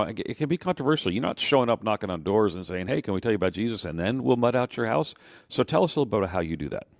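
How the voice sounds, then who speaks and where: Male radio host, very deep voice, animated, dry close sound. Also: dry recording. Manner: animated questioning, repeats words. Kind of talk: conversational interview.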